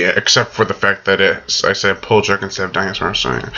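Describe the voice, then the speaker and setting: A man's voice: lowish voice, steady tone, brisk, few pauses, sharp tone, a little hiss or hum. A man casually reviewing a movie, rambling in a loose, jokey way. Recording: dull lo-fi recording.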